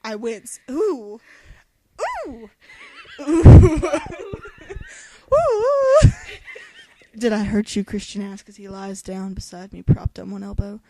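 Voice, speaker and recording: A woman's voice: mid-range voice, fairly even intonation, moderate pace, noisy background. A young woman reading a novel aloud in a dramatic voice, breaking off for sarcastic jokes. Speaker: reader.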